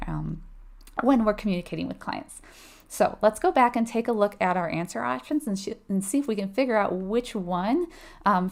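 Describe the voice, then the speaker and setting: Lady walking nursing students thru a test question, casual and chatty, a bit of vocal fry. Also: medium pitch. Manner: casual and conversational, frequent "um" and "right?"; acts out short quoted replies with a laugh. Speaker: nursing exam tutor. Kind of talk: explaining exam questions.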